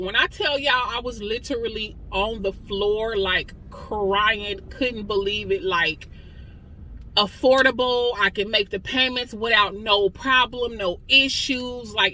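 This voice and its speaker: A woman's voice: mid-range voice, bright, forceful tone, slight background noise, low-quality recording. A woman in her forties giving an impassioned personal testimony, weary and close to tears, talking straight to listeners in a conversational way. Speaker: testimony speaker.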